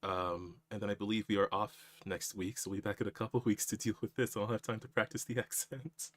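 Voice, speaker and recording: A man's voice: fairly low pitch, little pitch movement, a little fast, a little hiss or hum. A man serving as game master on a tabletop game stream, laughing often as he tries out a southern drawl.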